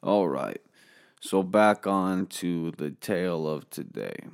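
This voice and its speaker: A man with a deep, gravelly voice drawls slowly through a comic tale. He is boastful and rambling and swears freely. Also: big pitch swings. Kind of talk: comedic storytelling monologue.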